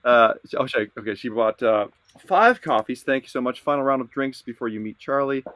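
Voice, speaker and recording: A man's voice: medium pitch, brisk, a bit bright, no room sound. A man who works as a singer, co-hosting a song reaction livestream and reading out viewer messages in a joking, laid-back way. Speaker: co-host and working singer. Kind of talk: casual livestream chat.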